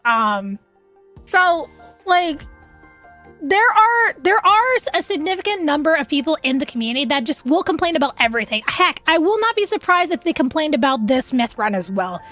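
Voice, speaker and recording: A woman's voice: high voice, big pitch swings, normal speed, sharp tone, soft background music. A young adult woman streaming, chatting casually in a rambling, frank way and laughing often at her own jokes. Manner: rambling, giggly, frank, swears freely.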